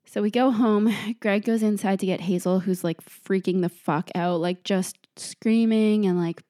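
A woman's voice: medium pitch, steady tone, a little slow, hardly any pauses, mellow, no echo, studio quality. A young woman hosting her show, telling a story casually with lots of "like" fillers and frequent laughs. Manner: chatty, full of "like" fillers, laughs often. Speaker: host.

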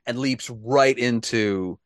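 A man's voice: mid-range voice, takes it slowly, no room sound, studio quality. A man hosting a podcast in casual chat, wry and talkative, laughing at his own jokes. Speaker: podcast host.

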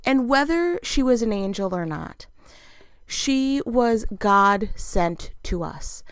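A woman casually telling a personal travel story, chatty and animated, acting out bits of dialogue. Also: a little high, slow pace, clean tone, no echo, clean studio sound.

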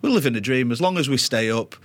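A man's voice: mid-range voice, animated, fast. A young man, a boxer answering questions in a studio in a modest, plain-spoken way. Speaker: boxer and guest. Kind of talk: casual interview chat.

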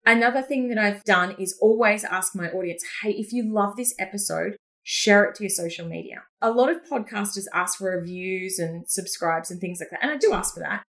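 A woman's voice: medium pitch, fairly quick, few pauses, fairly bright tone. An upbeat woman with a Queensland Australian accent talks freely as a podcast guest. She tells her stories with energy, laughing often and leaning into her words. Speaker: podcast guest, business coach. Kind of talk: casual interview chat.

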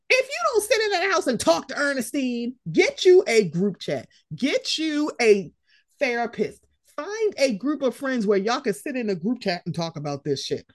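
A woman's voice: high voice, very animated, normal speed, no room sound, clean studio sound. A woman co-hosting a casual sports chat podcast, blunt and profane, often mimicking the people she talks about. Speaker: podcast co-host.

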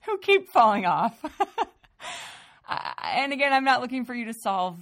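A woman's voice: on the high side, sing-song, normal speed, fairly bright tone. A woman hosting a daily podcast, thinking aloud in a searching, self-deprecating way. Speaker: podcast host. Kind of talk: casual conversation.

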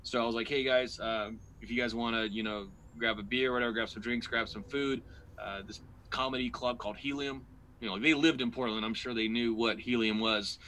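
A man's voice: mid-range voice, fairly quick, a little hiss or hum, rough recording. A man, a guest comedian, telling a rambling personal story in casual podcast chat, full of restarts and fillers and acting out his own past lines. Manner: rambling, animated anecdote with many restarts and fillers.

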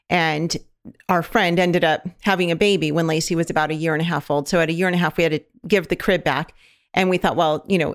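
A woman in her thirties hosting a podcast, chatting fondly with her daughter and laughing often. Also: lowish voice. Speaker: podcast host. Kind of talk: casual podcast chat.

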